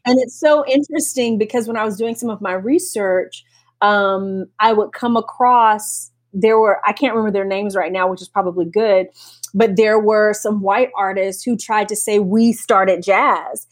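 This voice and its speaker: A woman novelist talking casually about her writing process, animated, laughing often and restarting sentences. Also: mid-range voice, moderate pace.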